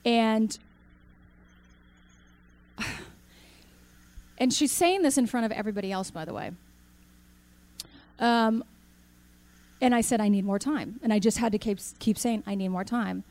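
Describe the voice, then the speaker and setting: A woman giving a talk to an audience, telling a personal story with lively acted-out dialogue and questions to the crowd. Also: medium pitch, vocal fry. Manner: animated storyteller, acts out quoted dialogue, asks the audience questions. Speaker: speaker.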